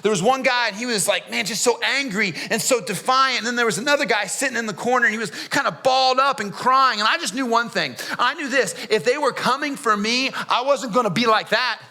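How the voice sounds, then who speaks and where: Pitching his voice very high, pushed and bright, the pastor rattles along fairly fast with barely a pause in a full character voice. He's performing the defiant, streetwise prisoner in church, confiding the man's story in first person with slangy, offhand asides.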